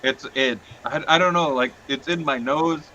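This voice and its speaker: A man's voice: a little high, highs cut off, slight background noise. A man hosting a casual livestream, chatting and laughing with friends while eating hot sauce on nuggets. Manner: laughing, animated, quick asides. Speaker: stream host.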